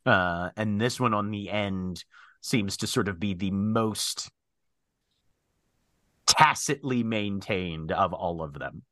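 Male game master, bright and dry-sounding, narrates scenes with frequent fillers. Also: on the low side, slow pace, no room sound. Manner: descriptive, hesitant with many fillers.

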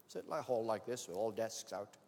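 A man's voice: fairly low pitch, expressive, brisk, a little mellow. Man preaching in an echoing hall. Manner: anecdotal, acts out quoted voices. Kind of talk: sermon with storytelling. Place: church hall. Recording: long reverb of a large hall.

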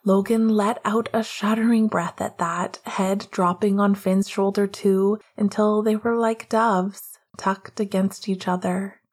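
A woman reading romance narration in a hushed, half-whispered voice. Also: mid-range voice, steady tone, a little slow, hardly any pauses. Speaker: audiobook narrator.

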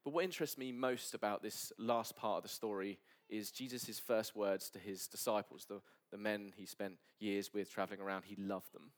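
An earnest male pastor delivering a sermon at a church service. His voice sits low and now and then falls to a soft near-whisper. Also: fairly even intonation, moderate pace, few pauses.

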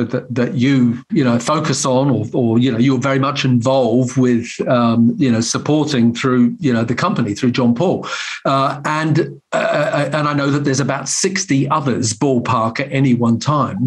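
Man hosting a rambling interview. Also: mid-range voice. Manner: rambling, with many fillers and restarts. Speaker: host. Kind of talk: casual interview chat.

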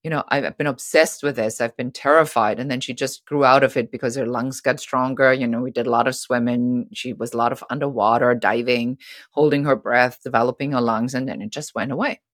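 A middle-aged woman guest on a podcast, telling stories in a lively way and acting out the voices of people she quotes. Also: extremely low pitch, fairly quick, no room sound, clean studio sound. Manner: animated, acts out quoted voices. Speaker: guest author. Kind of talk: storytelling interview talk.

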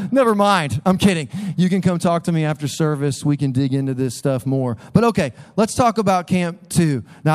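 A man's voice: a little high, darkish tone, clean tone. Joking, conversational male pastor preaching. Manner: conversational and joking, acts out quoted voices. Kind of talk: sermon. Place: church.

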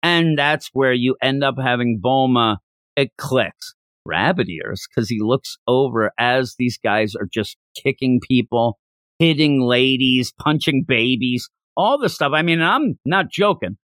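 Casual male podcast host, middle pitch, dry close sound, rambly, acts out bits. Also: measured pace, dry recording. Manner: rambling, animated, acts out quotes. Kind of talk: casual manga discussion.

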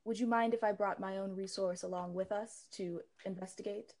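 A woman playing in a tabletop game, asking questions in a halting way. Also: medium pitch, fairly even intonation, a little mellow. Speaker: player. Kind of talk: casual tabletop play.

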